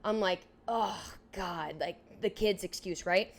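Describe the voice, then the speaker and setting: A young woman in her twenties co-hosting a podcast, telling a story in a casual, animated way, filling it with "like" and acting out what people said. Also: fairly low pitch, slow. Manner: animated, heavy use of "like", acts out dialogue. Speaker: podcast co-host.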